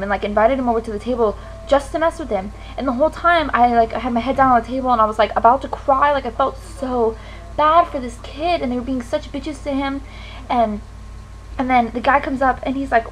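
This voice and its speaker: A woman's voice: sits high, a little fast, slight background noise, rough recording. A teenage girl venting to camera in a frustrated, swearing rant. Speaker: vlogger. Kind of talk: ranting to camera.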